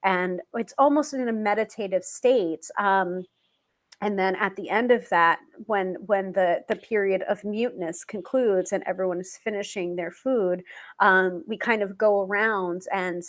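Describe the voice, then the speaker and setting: A woman's voice: medium pitch, measured pace. A woman hosting a live tarot stream, talking casually with many fillers and restarts.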